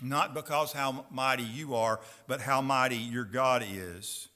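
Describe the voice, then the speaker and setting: A man of medium pitch, his tone pushed and bright, preaches while reading scripture aloud with slow sincerity. Along the way he questions his hearers directly.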